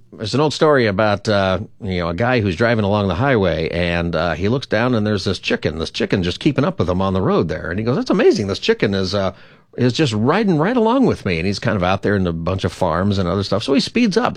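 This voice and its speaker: A jovial man hosts a live call-in radio show, his voice bouncing with a lively pitch. He sits at a studio mic with a close, dry sound. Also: fairly quick, few pauses, no room sound. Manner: jovial, joke-telling.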